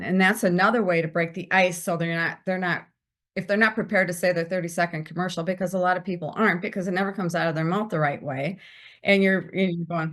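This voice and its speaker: Woman guest on a podcast, lively, playing out little conversations as she talks. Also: mid-range voice, a little fast. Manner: animated, acts out quoted small talk. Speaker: guest, visibility strategist. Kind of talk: podcast interview advice.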